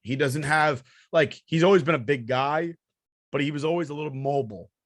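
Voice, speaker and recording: A man co-hosting a casual sports podcast, blunt and opinionated, quick to argue and to dismiss other people's picks. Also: a little high, no room sound, clean studio sound. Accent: New Jersey. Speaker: podcast co-host.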